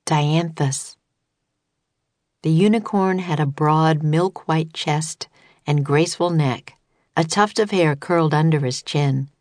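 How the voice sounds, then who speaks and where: A woman reading a children's storybook as an audiobook, in calm, even narration. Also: low voice, no echo. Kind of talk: scripted narration.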